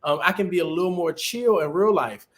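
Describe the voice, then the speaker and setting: Male webinar guest, higher-set voice, lively conversational delivery over a video call. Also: a little fast. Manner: animated, conversational advice-giving. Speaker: guest, TV executive producer. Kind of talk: casual webinar interview.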